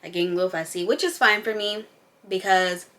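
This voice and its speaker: A woman's voice: mid-range voice, fairly even intonation, brisk, a bit bright. A young woman vlogger and mom in an unscripted casual chat, candid and emphatic, rambling as she goes.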